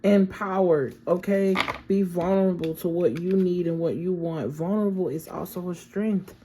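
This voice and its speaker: A woman's voice: lowish voice, fairly even intonation, normal speed, warm tone, a little hiss or hum, poor audio. A woman giving a casual, affirming tarot reading and often checking in with "okay?". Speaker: tarot reader.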